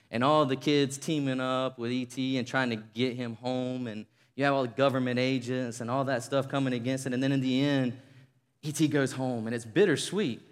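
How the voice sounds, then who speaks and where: A man preaching a sermon, telling a story in an animated, conversational way. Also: mid-range voice, in a large hall. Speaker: pastor.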